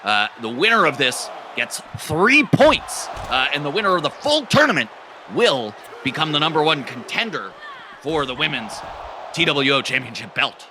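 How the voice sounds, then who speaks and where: A man doing play-by-play commentary on an improvised comedy wrestling show, deadpan and rambling and full of "uh"s. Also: fairly high pitch, normal speed. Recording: noisy background.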